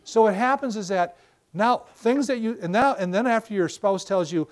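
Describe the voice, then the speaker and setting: Older male lecturer, high voice, lively storyteller who acts out everyday examples. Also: normal speed. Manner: animated storytelling with acted-out examples. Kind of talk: professional lecture. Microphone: battery-powered wireless mic.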